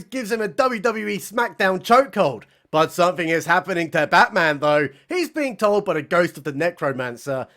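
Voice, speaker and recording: A man's voice: high-pitched, fairly bright tone. A man recapping a film in a sarcastic, mocking comedy style. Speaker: film reviewer.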